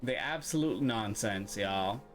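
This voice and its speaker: A man streams a video game in an animated voice that swings widely up and down. He talks to the game and his viewers, swearing freely, with game music playing clearly underneath. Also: on the low side, a little slow. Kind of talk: let's-play gaming commentary.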